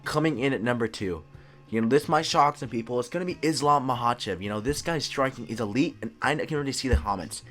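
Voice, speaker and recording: A man's voice: medium pitch, fast talker, fairly bright tone, soft background music. A man hosting his own channel, giving casual commentary in a loose way, often saying "dude" and stumbling over repeated words. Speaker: MMA YouTube host. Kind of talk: casual commentary ranking fighters.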